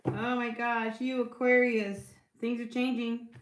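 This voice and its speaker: A woman's voice: on the high side, level tone, a little slow, reverberant, a little hiss or hum. A woman giving a casual tarot reading to her viewers, chatty and reassuring, often checking in with "all right?" and "you know". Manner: chatty, reassuring, with many fillers and rhetorical check-ins. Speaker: tarot reader.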